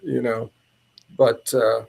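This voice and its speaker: A man who is a podcast guest, recounting a personal story in a casual, meandering and animated way. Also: medium pitch, slow pace, gravelly.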